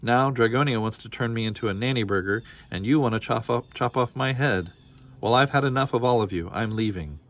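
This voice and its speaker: A man's voice: mid-range voice, a little fast, a bit bright, natural voice. A man reading a storybook aloud, voicing a brave, fussy old woman nanny who mutters and scolds. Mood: indignant.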